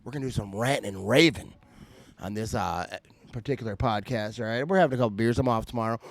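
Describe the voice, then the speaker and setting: A man's voice: on the low side, fast, vocal fry, no echo. A man hosting his podcast from home at night, ranting in a fired-up, irritated way and stumbling over repeated restarts. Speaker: podcast host. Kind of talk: heated sports fan rant. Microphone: podcast mic.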